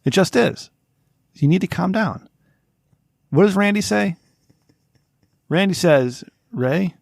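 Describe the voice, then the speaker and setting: A man's voice: sits high, animated, slow pace, gravelly, no room sound, clean studio sound. A man co-hosting a casual podcast, lecturing his co-host in a mock-stern tone and repeating his name as he hands out advice.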